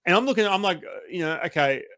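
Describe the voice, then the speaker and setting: A man, a former pitcher, telling a long story in a casual interview, animated and acting out quotes. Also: no echo, clean studio sound. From Australia. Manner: animated, acts out quotes, swears, fast run-on storytelling. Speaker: former baseball pitcher, guest.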